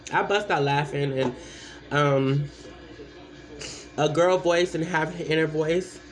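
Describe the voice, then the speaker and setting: A woman's voice: sits low, fairly even intonation, slow pace, soft background music. A woman giving blunt, rambling advice in a casual vlog, full of asides and repeated points. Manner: repeats points with many fillers.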